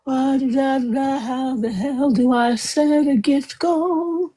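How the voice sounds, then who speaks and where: A woman's voice: sits high, steady tone, slow pace, warm tone. A woman hosting a casual livestream chat, rambling and chatty, laughing often. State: eyes watering from chemo. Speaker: livestream host.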